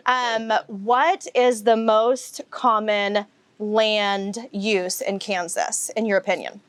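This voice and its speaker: A woman hosting an interview, asking brisk, upbeat questions. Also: mid-range voice, steady tone, no echo.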